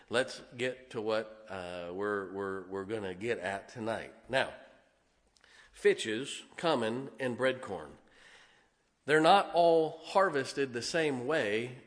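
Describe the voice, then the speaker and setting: A man in the pulpit preaching in a plain, folksy manner, talking through his points with props in hand. His voice sits at an ordinary middle pitch. The sound carries a long reverb from a large hall. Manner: folksy and conversational, demonstrating with props. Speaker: pastor. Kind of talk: sermon.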